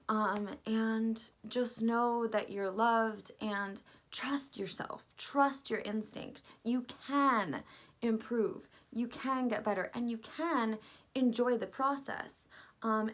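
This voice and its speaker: A woman's voice: mid-range voice, a bit bright. A young woman in a casual, reflective monologue, talking earnestly and rambling with lots of "like" fillers.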